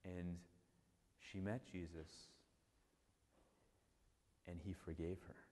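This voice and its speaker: A man, a priest, giving a casual, animated storytelling talk full of restarts and "like". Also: sits low, slow, a little hiss or hum. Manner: animated, conversational, many restarts and "like". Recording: long hall reverb.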